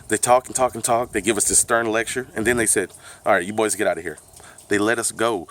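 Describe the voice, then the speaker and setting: A man's voice: medium pitch, gravelly, fairly bright tone. A man telling a story on his vlog, laid-back and profane, often laughing as he talks. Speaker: vlogger. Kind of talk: casual storytime.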